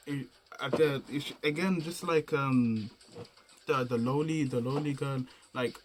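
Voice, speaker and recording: Rambling young man reviewing games casually. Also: mid-range voice. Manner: rambling and slangy, often restarting and searching for words. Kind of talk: casual unscripted game review.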